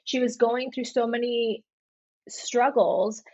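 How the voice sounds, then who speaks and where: A young woman talks through a story in a casual podcast chat, scattering "like" through every sentence. Her voice sits a bit high and sounds husky, and the recording is dull and dry. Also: takes it slowly, no echo. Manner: animated storytelling with many "like" fillers. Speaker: podcast co-host.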